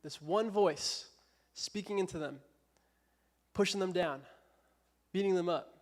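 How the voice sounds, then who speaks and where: A young man with a notably high voice delivers a relaxed youth sermon in a church. He keeps it light, casual and self-deprecating, with plenty of jokes. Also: unhurried. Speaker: preacher.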